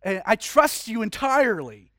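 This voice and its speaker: A man's voice: sits high, sing-song, normal speed, pushed and bright, no room sound, studio quality, exaggerated voice. A man voicing a small trusting lamb. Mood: tender.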